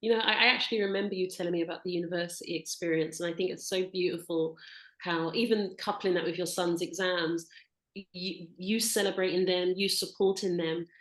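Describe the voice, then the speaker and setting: Woman podcast host, affirming interviewer, lower voice, roomy echo. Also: steady tone, brisk. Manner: affirming, reflects back on what the guest said. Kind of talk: warm interview chat.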